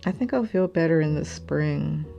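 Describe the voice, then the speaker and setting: A woman's voice: low-pitched, lively intonation, moderate pace, gravelly, warm tone, faint music behind. A woman in her sixties chatting casually and venting while she works on a craft project, drifting into muttering to herself. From United States. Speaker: crafting channel host. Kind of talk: casual chat while diamond painting.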